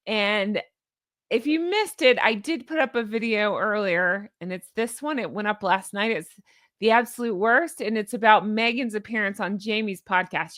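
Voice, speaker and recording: A woman's voice: medium pitch, fairly bright tone, no room sound, clean studio sound. A woman giving casual commentary on her own channel. She is chatty and sarcastic and laughs at her own remarks. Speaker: YouTube commentator.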